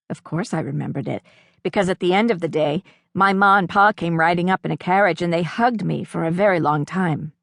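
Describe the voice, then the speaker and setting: A woman's voice: on the low side, animated, normal speed, creaky, no room sound. A woman audiobook narrator reading a first-person novel in a reflective storytelling manner, recorded in a studio.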